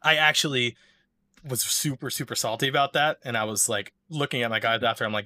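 A man's voice: mid-range voice, fairly even intonation, fairly quick, bright, forceful tone, dry recording. A man telling a story in casual chat, rambling with lots of fillers and restarts.

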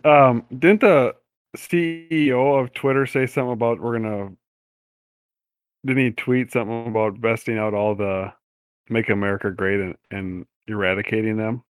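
A man's voice: on the low side, fairly even intonation, normal speed, clear, resonant tone, dry recording. A man in a casual political podcast chat, chiming in tentatively with questions. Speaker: podcast co-host.

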